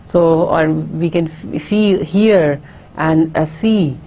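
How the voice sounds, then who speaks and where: A woman giving a recorded university lecture, explaining carefully and often pausing on fillers and restarts. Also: low voice, warm tone.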